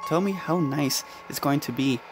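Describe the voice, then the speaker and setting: A man voicing a cold, emotionless teenage boy killer who speaks low and almost growling, with music underneath. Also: normal speed, natural voice.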